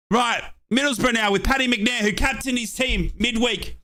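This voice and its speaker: A young Australian man giving excited fan play-by-play on a football match and chatting with viewers from his home office. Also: very high-pitched, normal speed, few pauses. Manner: excitable, shouts at chances, chats with viewers. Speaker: watchalong streamer.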